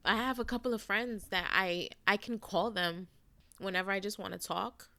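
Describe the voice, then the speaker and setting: Bright, crisp-voiced woman podcaster. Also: mid-range voice, moderate pace, no echo. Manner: candid, chatty, swears casually. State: tearful, emotional. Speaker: podcast host. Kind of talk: casual solo podcast monologue.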